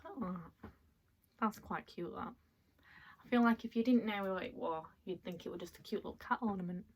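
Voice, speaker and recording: A woman chatting casually as she unboxes items at home, excitable and quick to laugh. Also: mid-range voice, slightly rough. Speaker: vlogger. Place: at home, in a bedroom.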